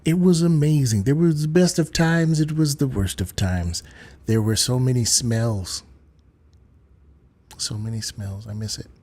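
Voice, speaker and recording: A man hosting a livestream in casual chat, playful and animated, with frequent swearing. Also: medium pitch, a little slow.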